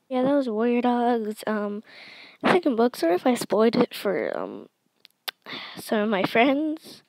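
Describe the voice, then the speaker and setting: A woman's voice: on the high side, sing-song, unhurried, vocal fry, darkish tone, no echo, low-quality recording. A teenage girl reading her own story aloud and chatting afterward in a rambling way.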